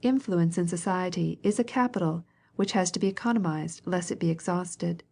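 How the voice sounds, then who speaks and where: A woman reading a classic novel aloud as an audiobook narrator, in a measured way, gently voicing each character. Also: lowish voice, gravelly.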